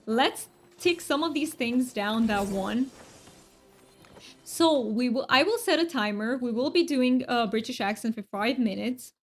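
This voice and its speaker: A woman's voice: a little high, animated, unhurried, soft background music. A young woman streaming a cozy game from home, chatting and giggling as she plays. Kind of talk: casual chat while gaming.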